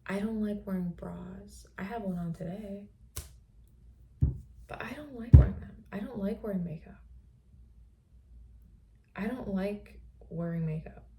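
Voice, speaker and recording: Slow, gravelly, soft-spoken woman. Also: medium pitch, background noise. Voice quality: soft, often drifting into a breathy whisper. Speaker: podcast host. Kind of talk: reflective personal monologue.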